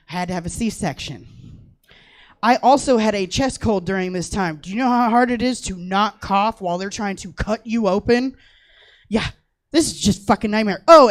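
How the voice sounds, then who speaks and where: A young woman performing stand-up comedy, telling a story in a profane, animated way and acting out the people she quotes. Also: on the high side. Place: comedy theater stage.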